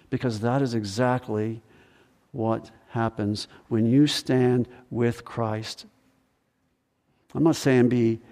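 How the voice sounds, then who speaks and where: A man preaching a sermon as pastor, animated, acting out the voices of people in the story. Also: mid-range voice, long reverb tail. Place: church sanctuary.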